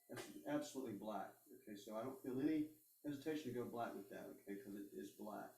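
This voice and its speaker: Man teaching airbrush painting, gravelly voice. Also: on the low side, quick pace, mellow, reverberant, recorded from a distance, a little hiss or hum, low-quality recording. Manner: casual, reassuring, thinks aloud while working. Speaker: art instructor. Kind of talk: live airbrush painting demonstration.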